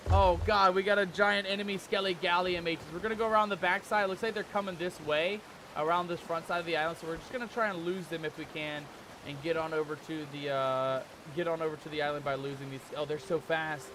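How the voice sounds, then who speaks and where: A man streaming a pirate game, commenting live in an excitable, panicky way and peppering his talk with pirate slang. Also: fairly high pitch, fast talker. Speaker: gaming streamer. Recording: game sounds and ocean noise behind. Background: ship and water game audio.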